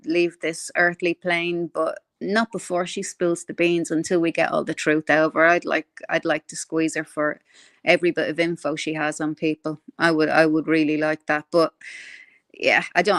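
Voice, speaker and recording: Fairly low-pitched and captured in clean studio sound with no echo, this woman hosts a casual livestream. She answers viewer comments bluntly, musing aloud in a rambling, opinionated manner.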